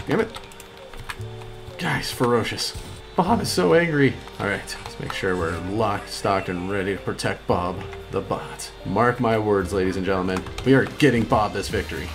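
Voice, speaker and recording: A man hosting a gaming video, giving excitable gameplay commentary and yelping high when things go wrong. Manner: excitable, yelps high-pitched when upset.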